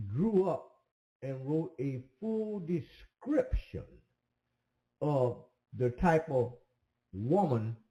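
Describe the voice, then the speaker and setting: The commentator's mid-range voice sounds mellow as he rambles casually through a personal story, stumbling over plenty of hesitant fillers. A roomy echo surrounds the recording.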